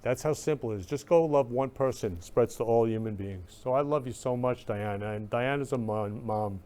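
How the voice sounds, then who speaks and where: A man's voice: mid-range voice, moderate pace, dark tone. Effusive man gushing "love you" repeatedly. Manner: emotional, gushing. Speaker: host. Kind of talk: live-stream talk show chat.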